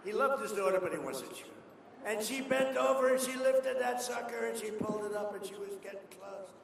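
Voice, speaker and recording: An older politician giving a rambling, boastful rally speech in a large hall. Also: male voice, high voice, brisk, creaky, a crowd in the background. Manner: rambling, boastful storytelling with asides. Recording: echoey hall, distant PA mic, noise.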